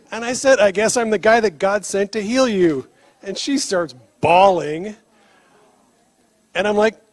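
Animated high-voiced male preacher. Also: moderate pace, long pauses, no room sound. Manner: animated storyteller, laughs often, acts out dialogue. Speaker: preacher on healing ministry. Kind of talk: sermon with storytelling.

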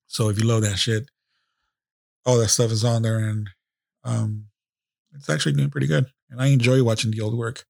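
Man, podcast host, gravelly voice, flat delivery, profane and rambling, dry close mic. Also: mid-range voice, moderate pace, pauses often, no echo. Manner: emotional, profane, rambling with restarts. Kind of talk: casual unscripted podcast monologue.

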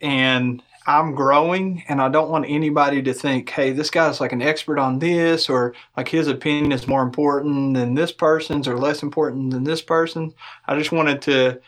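A man's voice: a little high, fairly even intonation, moderate pace, a bit bright. A young man with a Kentucky accent, a podcast guest telling easygoing stories about hiking and laughing often. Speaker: guest, hiker and video maker. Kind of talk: casual podcast interview.

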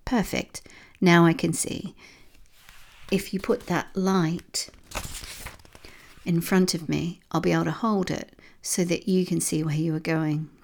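A woman's voice: fairly low pitch, steady tone, unhurried, vocal fry, pauses often, a little mellow. A woman reading a storybook aloud and voicing an innocent young boy who speaks earnestly and pleads.

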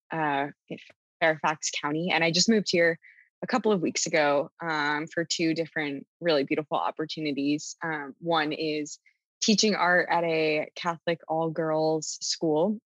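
Young woman guest on a podcast, low voice, dry sound, earnest, lots of ums. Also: dry recording, rough recording. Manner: warm, earnest, many ums. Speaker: podcast guest, art teacher. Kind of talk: casual interview.

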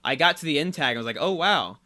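A man's voice: fairly high pitch, very fast, bright, forceful tone. A man co-hosting a podcast, casually recalling favorite moments of a TV episode and laughing often. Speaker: podcast co-host. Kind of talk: casual chat about a TV episode.

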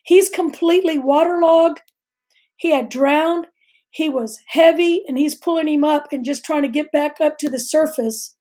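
On a faith talk show, a middle-aged woman guest earnestly tells a vivid personal story. Her high voice has a dark tone and moves at normal speed.

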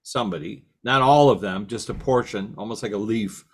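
A man's voice: fairly low pitch, brisk. A man hosting a casual interview, asking long questions and restating his guest's ideas. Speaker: host.

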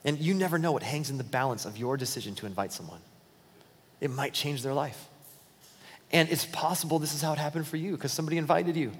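A pastor delivers a sermon in an easy, conversational way and acts out bits of everyday dialogue. His voice sits a little high for a man. The sound carries the long reverb of a big church hall. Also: fast, breathy edge. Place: church auditorium.

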